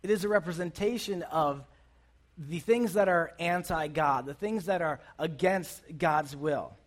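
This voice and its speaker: Youth pastor, man, high voice, chatty sermon that keeps asking the crowd questions. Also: unhurried. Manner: conversational, asks the audience questions. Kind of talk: casual sermon.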